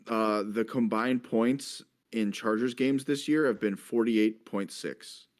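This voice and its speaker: A man's voice: lowish voice, fairly even intonation, takes it slowly. A man hosting a casual sports betting chat, leading the talk and reeling off statistics. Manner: leads the segment, reels off stats. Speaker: host.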